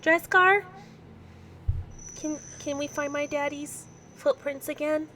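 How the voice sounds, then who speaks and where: Woman doing a high little scared girl voice, timid, kinda far from the mic. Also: fairly even intonation, slow, pushed and bright, slight background noise, heavily acted. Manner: timid, small questions. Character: small frightened little girl clinging to adults.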